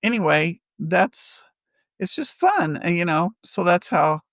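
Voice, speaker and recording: Chatty, gravelly woman. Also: on the low side, very animated, slow, no room sound. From Missouri. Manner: chatty, rambling, laughs often. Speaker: podcast co-host. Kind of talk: casual storytelling chat.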